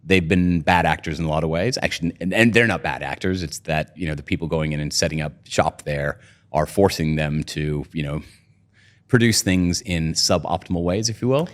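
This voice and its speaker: A man's voice: very deep voice, normal speed. A man, a company co-founder, talking through a casual podcast interview with lots of "you know" and "right?". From United States.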